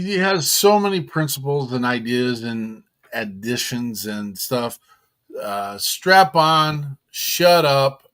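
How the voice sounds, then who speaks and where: A man's voice: mid-range voice, fairly bright tone. A man co-hosting a livestream, chatting casually with blunt, joking remarks. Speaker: show co-host.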